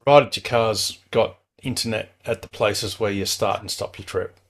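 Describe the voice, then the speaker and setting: A man's voice: fairly low pitch, fairly even intonation, normal speed. A man hosting a club call-in show, giving casual, reassuring advice in a chatty way with frequent restarts. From Australia. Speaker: club host.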